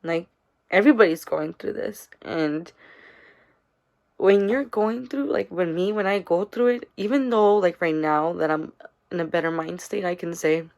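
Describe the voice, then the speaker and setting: Low, gravelly young woman vlogging. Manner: rambling, halting, with many fillers; tearful, subdued and soft. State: stuffy-nosed after crying. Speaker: daily vlogger. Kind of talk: personal confessional vlog.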